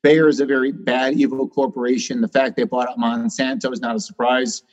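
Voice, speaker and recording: A man's voice: medium pitch, little pitch movement, brisk. A male doctor, a guest on a podcast, talking emphatically with many fillers. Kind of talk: interview talk. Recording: slightly dull, lo-fi sound.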